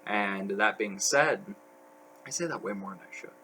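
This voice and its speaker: A man's voice: on the low side, moderate pace, sharp tone, a little hiss or hum, low-quality recording. Rambling young man on a podcast. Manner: rambling, filler-heavy storytelling. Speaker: podcast guest. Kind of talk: casual podcast chat.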